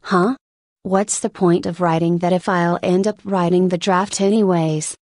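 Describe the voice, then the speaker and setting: A woman's voice: on the low side, steady tone, a little slow, a little mellow, no echo, clean studio sound. A woman voicing a young male intern who is impatient and defensive, in a spoken story reading. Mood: irritated. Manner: curt, defensive.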